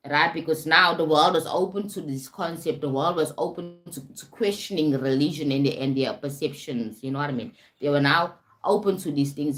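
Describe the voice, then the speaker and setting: A South African woman hosting a casual live talk, keeps checking in with her listeners by asking "right?" and "you understand?". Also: low voice. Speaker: host. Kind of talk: casual live-stream talk on self-help.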